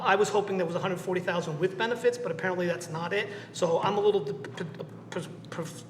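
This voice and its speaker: A middle-aged man with a Southern New England accent speaking as a city council member at a public meeting, emotional and blunt, repeating himself for emphasis. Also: sits high. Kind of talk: impassioned speech at a public meeting. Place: large echoey meeting chamber. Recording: echoey council chamber with long reverb, faint noise.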